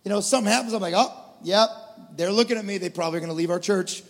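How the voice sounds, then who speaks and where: A man preaching a sermon as pastor, animated, swinging from loud preaching to quiet storytelling. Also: high voice, racing. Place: large church hall. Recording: reverberant church hall with soft music.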